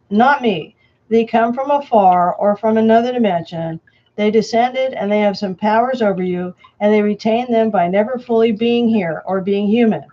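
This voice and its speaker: A woman reading a prepared statement aloud, slowly and emphatically. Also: medium pitch, muffled recording. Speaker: self-proclaimed Antichrist answering questions.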